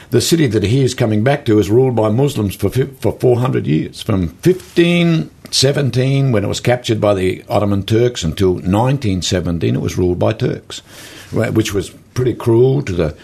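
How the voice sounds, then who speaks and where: A man with an Australian accent, a guest author telling folksy stories in an animated way during an interview. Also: lowish voice, normal speed. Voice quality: gravelly, husky. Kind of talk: storytelling interview talk.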